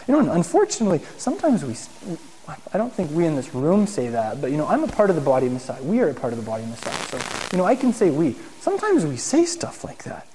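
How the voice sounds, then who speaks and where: A man's voice: high voice, big pitch swings, fairly quick, mellow. A man teaching a congregation in a conversational sermon style, often putting questions to the room. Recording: long hall reverb.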